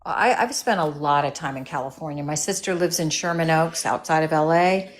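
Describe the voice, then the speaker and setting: A woman's voice: low-pitched, brisk. A middle-aged woman in a casual online discussion, talking hesitantly and often checking whether she has it right. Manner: hesitant, often asks for confirmation. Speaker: debate participant.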